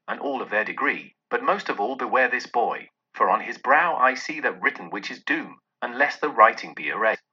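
A man doing a grave spirit who admonishes with solemn sorrow, his voice husky yet bright and lively in pitch. It comes through a dull, lo-fi storybook recording. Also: exaggerated voice.

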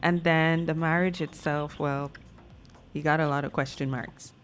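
A woman's voice: low voice, fairly even intonation, a little slow, clear, resonant tone, faint music behind. A woman hosting a talk show, playful and laughing as she steers the topic. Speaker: host.

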